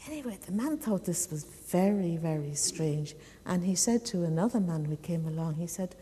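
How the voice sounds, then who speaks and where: A woman telling a story to children in a church service, in a gentle, chatty way with small fillers. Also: lowish voice, lively intonation, moderate pace, few pauses, breathy edge. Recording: long church reverb.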